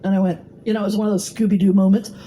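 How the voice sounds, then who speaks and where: A woman's voice: mid-range voice, little pitch movement, very fast, warm tone, slight background noise, rough recording. A middle-aged woman telling her own recovery story at a meeting, blunt and salty, with plenty of fillers. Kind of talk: personal testimony talk. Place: meeting hall.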